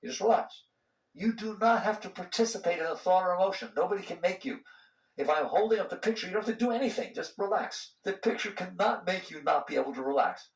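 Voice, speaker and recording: A man giving a spiritual talk to an audience, conversational and animated, acting out the voices inside people's heads. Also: sits high, quick pace, vocal fry, distant mic. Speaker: spiritual teacher. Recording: roomy hall sound, voice from off-mic.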